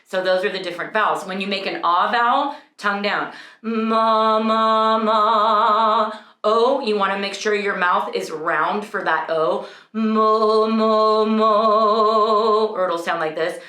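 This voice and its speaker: A young woman vocal coach teaching a singing lesson, explaining clearly and breaking into sung vowel demonstrations. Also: medium pitch, moderate pace, pushed and bright, echoey room, faint music behind.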